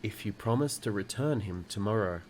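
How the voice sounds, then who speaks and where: A man's voice: lowish voice, animated, fairly quick, slight background noise, close to an everyday voice. A man reading as a proud little boy. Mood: matter-of-fact. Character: small boy of six, proud and cautious.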